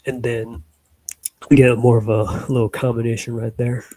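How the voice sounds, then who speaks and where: A man's voice: mid-range voice, flat delivery, moderate pace, warm tone, no room sound, poor audio. A man casually rambling about his own animation project, full of fillers and little chuckles. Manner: loose, filler-heavy, chuckling asides. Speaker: hobby animator.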